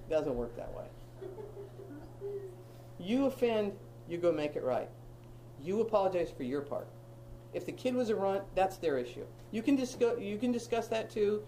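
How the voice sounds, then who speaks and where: A woman's voice: medium pitch, animated, normal speed, dark tone, slight background noise, rough recording. A woman in her fifties teaching a Bible study group, emphatic and repetitive, with humorous asides.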